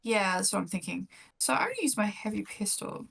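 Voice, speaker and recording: A woman playing a tabletop role-playing game, chatting casually and cheering loudly at good rolls. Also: mid-range voice, gravelly, husky. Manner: excited, quick to cheer. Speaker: player.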